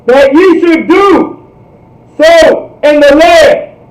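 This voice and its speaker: Man reading scripture in a high, slow voice. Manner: slow, drawn-out, loud shouted reading. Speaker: scripture reader in class. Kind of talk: reading verses aloud. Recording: echoey room, far from the mic.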